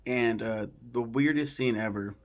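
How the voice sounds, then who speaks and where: A man's voice: mid-range voice, a little slow. A man casually reviewing a film, rambling with lots of fillers and frequent swearing.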